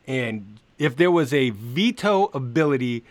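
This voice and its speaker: A man's voice: mid-range voice, expressive, a little slow, no echo. A man co-hosting a podcast, teasing and sarcastic in casual banter, with plenty of swearing. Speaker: podcast co-host.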